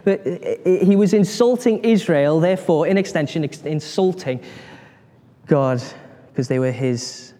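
A man gives a sermon, retelling scripture with lively, acted-out voices and questions to the congregation. His voice sits slightly high for a man. The sound carries a long reverb, as in a large hall. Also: measured pace. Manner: animated storytelling, acts out voices, asks the congregation questions. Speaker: preacher.

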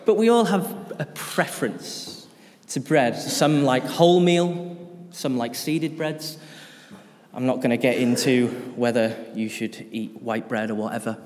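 A man's voice: medium pitch, unhurried, a little mellow, long reverb tail. A man preaching an informal sermon in a church, chatty and often putting questions to the congregation.

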